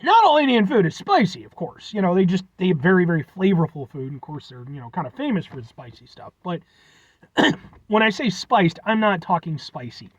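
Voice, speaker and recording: High-pitched guy rambling thru a casual review, voice jumping up and down, lots of ums, kinda muffled dry audio. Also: very animated, a little fast, breathy edge, no echo. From United States. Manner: rambling, self-deprecating, lots of fillers. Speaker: food reviewer. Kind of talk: casual chat.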